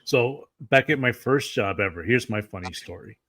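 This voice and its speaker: A man's voice: lowish voice, animated, normal speed, gravelly, bright, forceful tone, no room sound. Man, host, easygoing, casual chat, dry sound.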